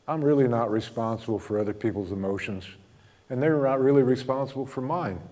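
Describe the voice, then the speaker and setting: A man giving a spiritual talk, telling stories in a gentle, humorous way and chuckling often. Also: medium pitch. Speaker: spiritual teacher. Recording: long hall reverb.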